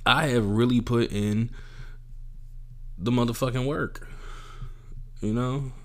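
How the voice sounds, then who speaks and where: A man's voice: mid-range voice, fairly even intonation, slow pace, fairly bright tone. A young adult man, a comedian, ranting casually and profanely, acting out the people he quotes. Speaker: podcast host and comedian. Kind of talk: casual monologue.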